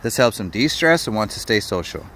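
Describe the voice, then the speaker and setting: Dog trainer guy outside, lowish voice, keeps saying good boy and explaining stuff, bit of outdoor noise. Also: sing-song, a little fast, fairly bright tone. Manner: coaxing, praising the dog often, explaining as he goes. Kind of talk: casual narration while training a dog outdoors. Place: outdoors at a park.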